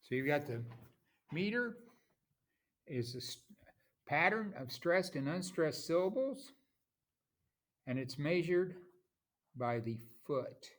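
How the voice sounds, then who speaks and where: A man teaching a class, explaining terms slowly and reading out examples with marked stress. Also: on the high side, lively intonation, fairly bright tone. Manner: slow, explanatory, reads examples aloud with stress. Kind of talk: classroom lecture.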